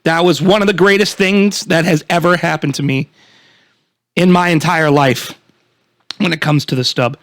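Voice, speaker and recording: A man's voice: fairly high pitch, fairly even intonation, normal speed, pauses often, fairly bright tone. A young man co-hosting a casual podcast, telling a story with lots of swearing and laughter. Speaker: podcast co-host. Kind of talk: casual chat.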